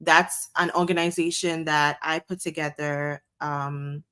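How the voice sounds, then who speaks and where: A woman from Ghana, an engineer and podcast guest, explaining things in a measured way with frequent ums. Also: low voice, little pitch movement, a bit bright, smooth. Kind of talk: casual interview chat.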